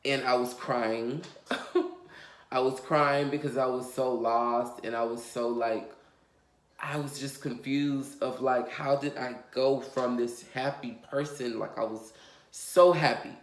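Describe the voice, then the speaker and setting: Guy telling his storytime vlog, all over the place and cussing, mid pitch, kinda echoey room. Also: fairly even intonation, slow. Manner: rambling and emotional, heavy on fillers and swearing. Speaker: vlogger. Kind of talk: confessional storytime. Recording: roomy echo.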